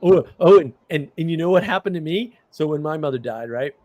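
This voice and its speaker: This middle-aged man hosts a livestream, chatting casually and telling rambling stories punctuated by bursts of laughter. His voice sits on the high side and moves at a brisk clip.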